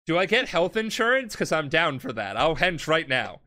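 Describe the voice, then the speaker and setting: A tipsy man hosting a podcast, telling a story in a casual, profane way and jumping into shouted character voices. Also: a little high, very animated, moderate pace. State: drunk. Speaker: podcast host.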